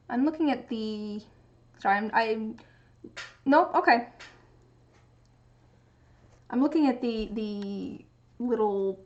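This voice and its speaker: A woman's voice: a little high, lo-fi sound. Chatty Pacific Northwest woman streamer. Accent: Pacific Northwest American. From Pacific Northwest, USA. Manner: chatty, rambling, many restarts. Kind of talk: casual chat while crafting.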